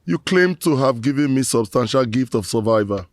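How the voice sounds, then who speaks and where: A man's voice: mid-range voice, expressive, normal speed, dry recording, close to an everyday voice. A Nigerian-accented actor playing a disgraced man who solemnly laments to his ancestors in proverbs, in a Nollywood film drama. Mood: pleading.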